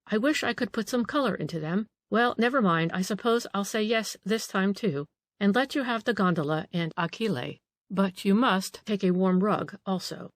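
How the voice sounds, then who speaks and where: A woman reading the part of a proud, sharp, motherly Italian marchesa who scolds a young man. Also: mid-range voice, animated, moderate pace, lightly acted. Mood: scolding.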